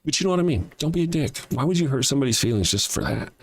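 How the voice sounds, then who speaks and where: Racing along in an animated, mid-range voice, an older Southern US man reads viewer comments aloud on his casual livestream. He's blunt and profane and chuckles a lot.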